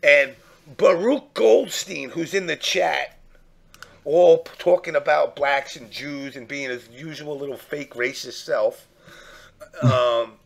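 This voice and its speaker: A man telling a profane, animated story in casual chat, acting out the people he quotes. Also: a little high, slow pace, creaky.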